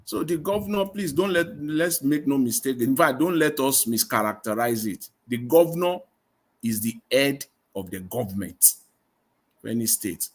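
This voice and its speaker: A man's voice: medium pitch, lively intonation, moderate pace, husky. A man hosting a live call-in debate, stressing his points by repeating them emphatically. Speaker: host of a live discussion stream.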